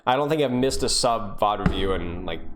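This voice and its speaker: A man's voice: lowish voice, expressive, moderate pace, over music. A young man coaching live on stream, reviewing gameplay in a casual, joking way and answering his viewers. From United States.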